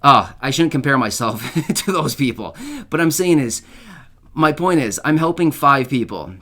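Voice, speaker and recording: A man's voice: medium pitch, lively intonation, moderate pace, bright, forceful tone. A man hosting his own channel, talking casually and earnestly to his viewers, rambling with lots of fillers and heartfelt asides. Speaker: channel host. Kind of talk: casual to-camera talk.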